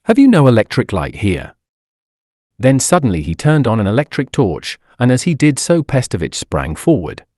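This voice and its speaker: Expressive male audiobook narrator, dry close sound. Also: medium pitch, no room sound. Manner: expressive dramatic reading.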